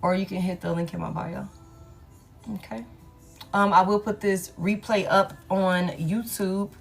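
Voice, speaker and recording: A woman's voice: medium pitch, fairly even intonation, measured pace, vocal fry, faint music behind. Woman, 30s, tarot-stream host; blunt, profane, laughing, casual delivery. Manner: candid and profane, laughs often, talks straight to her viewers. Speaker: tarot reader hosting a live stream.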